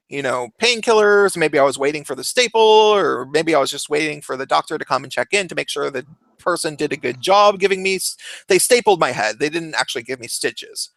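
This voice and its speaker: A man hosting a casual chat stream, telling stories in a rambling, halting way. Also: on the high side, gravelly, a bit bright, no echo. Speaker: stream host.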